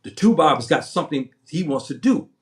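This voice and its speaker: A man's voice: fairly high pitch, lively intonation, fairly quick. A seventy-year-old man hosting a livestream, talking in a heated, rambling way and often repeating himself and restarting his sentences. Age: 70s. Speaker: livestream host. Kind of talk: impassioned livestream monologue.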